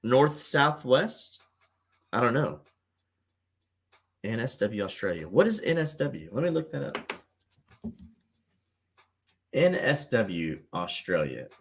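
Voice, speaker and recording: A man's voice: medium pitch, very animated, slow pace, creaky, pauses often, breathy edge. A middle-aged man hosting a live call-in show in a casual, rambling way, full of fillers and repeats. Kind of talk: casual livestream chat.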